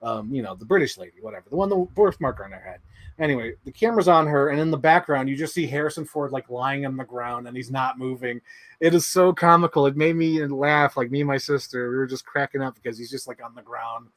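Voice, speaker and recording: A man hosting a livestream, chatting excitedly and rambling, swearing freely as he talks. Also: medium pitch, fast talker, no echo. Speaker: livestream host. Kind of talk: casual chat.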